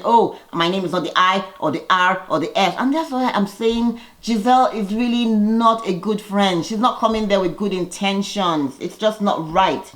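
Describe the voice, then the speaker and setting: A woman vlogger giving a chatty, opinionated recap of a reality TV episode, with lively jumps in her voice. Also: rough recording. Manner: lively, gossipy, opinionated with sudden pitch jumps.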